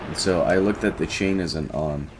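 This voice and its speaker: A man's voice: deep voice, normal speed, noisy background. A teenage boy casually telling a rambling story about his day, often quoting himself and restarting his sentences. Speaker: vlogger.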